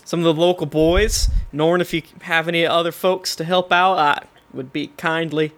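Dude putting on a southern drawl sheriff, gruff and folksy, bit high. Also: male voice, little pitch movement, moderate pace, a bit bright. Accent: put-on Southern US drawl. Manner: folksy, blustering, with country slang. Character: gruff small-town constable man with a country drawl.

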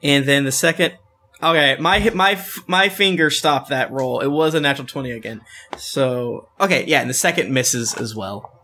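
A man narrating a tabletop game session as its game master, with a bright, forward tone. He talks in a playful, rambling way, stumbling and restarting as he describes the action. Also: medium pitch, normal speed, a little hiss or hum.

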